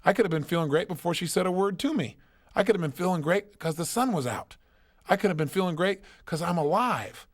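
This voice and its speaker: A man's voice: high-pitched, lively intonation, a little fast. A man giving a motivational seminar talk, telling stories emphatically and asking rhetorical questions. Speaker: motivational speaker.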